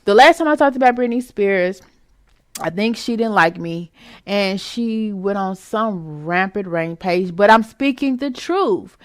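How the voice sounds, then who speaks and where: A woman hosting a casual celebrity gossip commentary vlog, sassy and animated, throwing out rhetorical questions with some swearing. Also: medium pitch, measured pace, dry recording, studio quality. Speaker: commentary vlogger.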